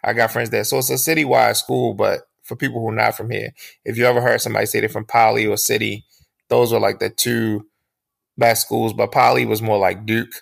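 A man's voice: on the low side, level tone, brisk, gravelly, fairly bright tone, no room sound. A man co-hosting a podcast, a profane storyteller who acts out the voices he quotes. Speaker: podcast co-host. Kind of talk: casual chat.

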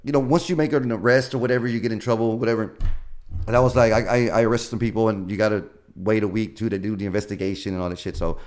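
A man's voice: lowish voice, steady tone, quick pace, a little mellow. A male comedian being interviewed, telling long profane stories in a casual, rambling way. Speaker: comedian guest.

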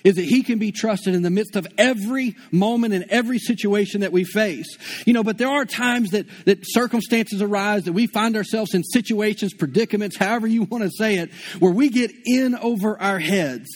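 Man, high voice, pastor, conversational sermon, rhetorical questions, repeats words. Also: brisk, few pauses.

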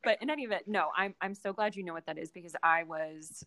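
A woman's voice: lowish voice, fast talker, bright, forceful tone. Young female co-host with a Western New York accent, eager and agreeable, giggles often. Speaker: podcast co-host. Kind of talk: casual chat.

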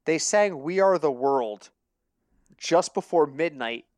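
A man's voice: on the high side, lively intonation, takes it slowly, a little mellow, no room sound, studio quality. A man co-hosting a casual sports betting podcast, telling stories animatedly and laughing at his own jokes. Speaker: podcast co-host.

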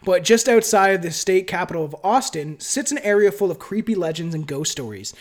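A man from Canada with a high, light voice chats loosely on a podcast. He is profane and relaxed, often laughing as he stumbles through his script, recorded on a home mic setup at a friend's place. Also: brisk. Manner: casual and profane, laughs while reading notes. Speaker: podcast host. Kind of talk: casual podcast chat with scripted reading. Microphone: different home mic setup.

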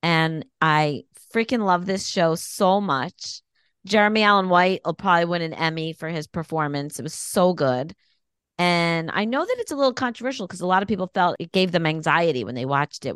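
A woman co-hosting a podcast, chatting casually and bluntly about TV shows with animated opinions. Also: on the low side, clear, resonant tone, no room sound, studio quality. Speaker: podcast co-host.

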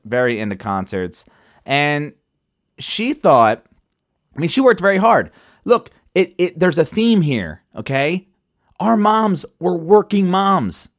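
A man's voice: on the high side, no room sound, studio quality. A man hosting a podcast in a casual, chatty way, sipping wine as he talks. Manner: animated, chatty, loose and profane. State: sipping wine while talking. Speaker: podcast host. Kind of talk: casual chat.

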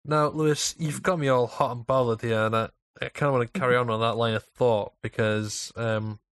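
A man's voice: mid-range voice, steady tone, a little fast, dry recording, clean studio sound. A Welsh man hosting a podcast in casual banter, playful and teasing, on a professional mic. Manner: playful, teasing, sets up bits. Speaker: podcast host. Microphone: professional microphone.

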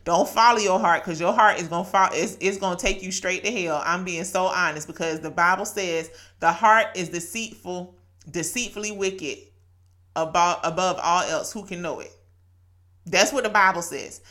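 A woman's voice: fairly low pitch, sharp tone. A woman in her late thirties or forties hosting a podcast, giving an earnest, chatty devotional talk that she laces with laughter and scripture quotes. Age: late 30s to 40s. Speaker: podcast host.

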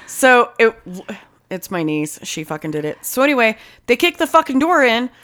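A woman in casual chat, telling a story with constant swearing and lively, heated delivery. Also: fairly high pitch, moderate pace. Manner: heavy swearing, animated storytelling.

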